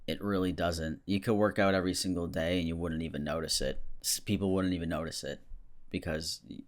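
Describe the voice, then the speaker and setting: A man's voice: sits low, steady tone, a little fast. A man giving casual, sarcastic commentary as a YouTuber reacting to screenshots. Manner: sarcastic, mocking.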